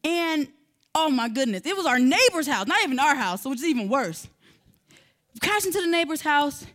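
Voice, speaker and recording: A woman's voice: high-pitched, normal speed. A woman, giving a sermon-style talk and telling a personal story to her listeners. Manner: animated storyteller, addresses listeners directly. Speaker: speaker teaching on parenting.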